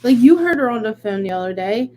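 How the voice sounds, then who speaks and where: A young woman co-hosting a podcast, telling a story in an animated, venting way with lots of "like"s. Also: fairly high pitch, quick pace, poor audio. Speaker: podcast co-host. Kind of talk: casual chat.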